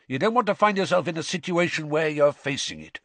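Gruff grizzled old wizard teacher, voiced by a male narrator, barking, lively delivery, dry sound. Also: on the high side, brisk, no echo, pitched above the performer's own voice. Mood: stern.

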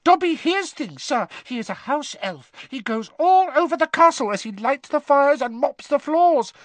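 A squeaky, eager male house elf from a storybook, piping high and full of urgency. He bounces wildly in pitch and keeps addressing his listener as sir. The sound is dry and close. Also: animated, normal speed, fairly bright tone, no room sound. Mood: earnest. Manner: eager, speaks of himself in the third person, adds "sir". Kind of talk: audiobook character voice.

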